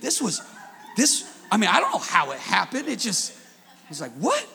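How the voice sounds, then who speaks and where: A man preaching a sermon as pastor, leading call-and-response with the congregation and swinging between quiet asides and shouted passages. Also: high voice, very animated, moderate pace, gravelly.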